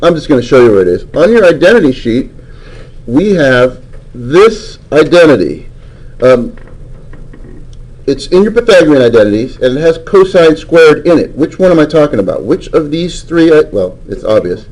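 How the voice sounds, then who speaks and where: A man's voice: on the high side, very animated, normal speed, a little mellow, poor audio. A man teaching a math class, lecturing and coaxing answers from students with frequent questions.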